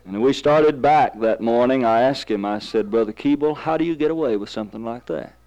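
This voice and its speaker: A man's voice: mid-range voice, brisk, a little mellow, poor audio. A man preaching a sermon, telling stories and rising to fervent emphasis.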